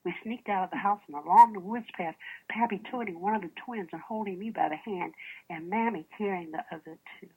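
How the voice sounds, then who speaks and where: A woman's voice: medium pitch, a little fast, breathy edge, poor audio. A woman preaching a sermon, asking the congregation questions and reading old first-person accounts aloud as stories. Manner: animated, with rhetorical questions to the congregation. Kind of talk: sermon with storytelling.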